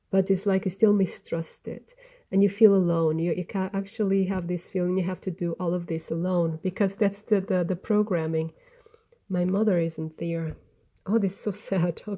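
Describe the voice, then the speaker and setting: Mellow-voiced woman giving a tarot reading. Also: lowish voice. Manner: gentle, earnest, meandering with restarts. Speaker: tarot reader. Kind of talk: spoken tarot reading to camera.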